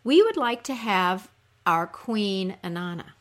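A woman voicing tiny, sympathetic fairy-like creatures that echo a queen's cries in a slow lament. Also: medium pitch, big pitch swings. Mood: polite.

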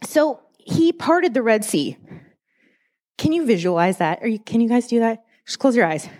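A young adult woman giving a casual, chatty sermon. She is animated and self-deprecating, and she laughs often. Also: on the high side, moderate pace. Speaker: church speaker.

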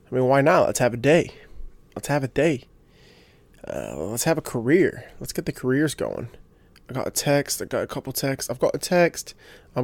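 Young man, casual solo podcaster, rambling, fired-up delivery, dry close mic, mid pitch. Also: a little mellow, no room sound. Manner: rambling, gets fired up, lots of restarts and fillers. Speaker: podcast host.

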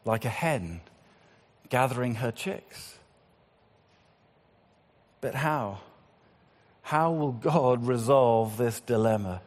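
A man preaching a sermon, swinging between loud appeals and hushed, slow passages. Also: mid-range voice. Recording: long hall reverb.

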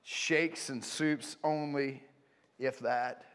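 A man preaching as a pastor, animated and conversational, telling stories and checking in with frequent asides. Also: mid-range voice, extremely slow, smooth. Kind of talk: sermon. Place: church auditorium. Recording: long hall reverb.

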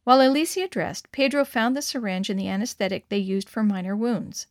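A woman narrating a story aloud in a steady, expressive reading voice. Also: mid-range voice, brisk, dry recording, studio quality.

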